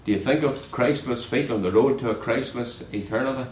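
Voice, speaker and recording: A man's voice: brisk, slight background noise. Earnest preacher man in an echoey hall. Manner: earnest, drops low and soft on key words. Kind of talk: sermon.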